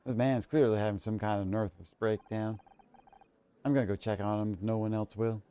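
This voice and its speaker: A man's voice: fairly low pitch, steady tone, a little fast, dark tone, smooth, natural voice. Bossy southern woman with a drawl, blunt delivery, played by a man. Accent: southern US, put on. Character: brash middle-aged woman with a southern drawl.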